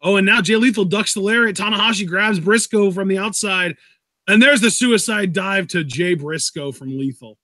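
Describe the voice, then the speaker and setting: A man co-hosting a live wrestling reaction stream, chatting and calling moves in quick play-by-play. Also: sits high, pushed and bright, dry recording. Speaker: co-host, wrestling commentator. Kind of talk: casual live reaction commentary.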